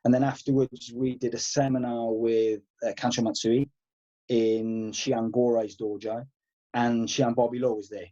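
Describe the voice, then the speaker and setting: A man in his thirties, a karate instructor guest, telling animated stories and swearing freely. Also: medium pitch, a little slow, lo-fi sound. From Wales. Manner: animated, swears freely, acts out past exchanges. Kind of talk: casual podcast storytelling.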